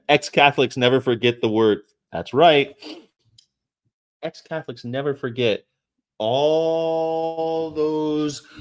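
A middle-aged man chatting casually on a stream, sarcastic and rambling, laughing often. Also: mid-range voice. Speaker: livestream host. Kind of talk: casual chat reacting to comments.

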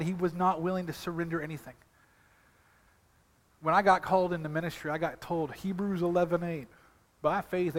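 A middle-aged man preaching a sermon as a pastor, telling animated stories that swing from quiet asides to loud exhortation. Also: fairly high pitch. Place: church sanctuary. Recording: long hall reverb.

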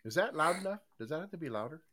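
Rambling older man with a lively bright voice. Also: a little high, racing, a little hiss or hum. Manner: rambling, loose, many fillers and restarts; chummy, folksy greetings to listeners. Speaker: podcast host. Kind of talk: casual live podcast chat.

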